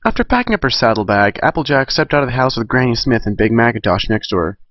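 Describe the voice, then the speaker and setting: A man's voice: medium pitch, lively intonation, fast, no echo, lo-fi sound. A man reading a fan story aloud in a casual way, correcting himself and adding chatty asides. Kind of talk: amateur fan fiction reading.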